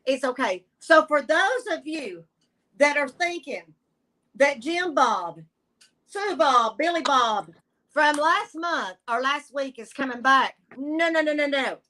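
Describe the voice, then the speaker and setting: A woman's voice: sits high, expressive, slow, bright, forceful tone, rough recording. A woman from Tennessee with a Southern accent, a guest reader telling a story in a folksy, blunt and sassy way. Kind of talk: live-stream storytelling.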